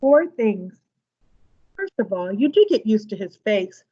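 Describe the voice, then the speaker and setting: A woman's voice: medium pitch, a little slow, husky, highs cut off. A woman teacher reading a children's novel aloud to her class, bringing the dialogue to life. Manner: lively, voices the characters' dialogue.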